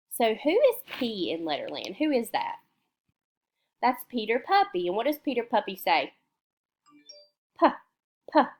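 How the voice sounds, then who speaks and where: A woman teaching young children remotely, slowly sounding out words in a patient, sing-song way and answering her own questions. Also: fairly low pitch, slight background noise.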